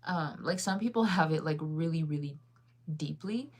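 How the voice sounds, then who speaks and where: Chatting casually with her viewers, this American woman in her thirties rambles along with lots of fillers and laughter, a faint Midwestern accent coloring her speech. She streams in a deep, slightly mellow voice at normal speed.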